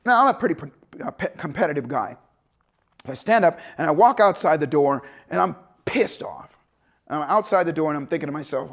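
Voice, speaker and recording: A man speaking as a motivational speaker in a storytelling seminar talk, animated and acting out the people he quotes. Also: a little high, fast.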